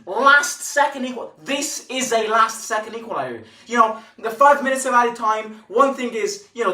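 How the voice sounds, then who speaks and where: A man's voice: high voice, bright, forceful tone. A man hosting a football fan channel, delivering an exasperated, profane post-match reaction rant with lots of repetition. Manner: exasperated, swearing, repetitive ranting. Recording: echoey room.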